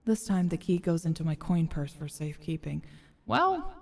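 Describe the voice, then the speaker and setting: Mellow woman reading game narration. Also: sits low, fairly even intonation, a little fast, in a large hall. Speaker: streamer. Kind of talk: reading game narration aloud with casual asides.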